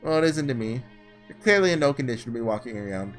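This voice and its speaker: A man reading aloud as a frail young woman, in measured, reflective narration, with a lively, varied pitch. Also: soft background music, close to an everyday voice.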